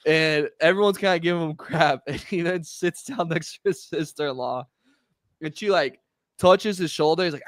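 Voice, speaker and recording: A man's voice: on the high side, moderate pace, no room sound, clean studio sound. Man telling stories with laughs. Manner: laughs through his own stories. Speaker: podcast co-host. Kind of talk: casual storytelling chat.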